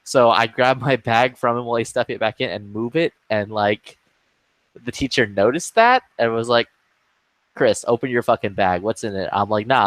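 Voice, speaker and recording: A man's voice: mid-range voice, a bit bright, dry recording. A young man telling a school story in casual chat, laughing and swearing as he goes.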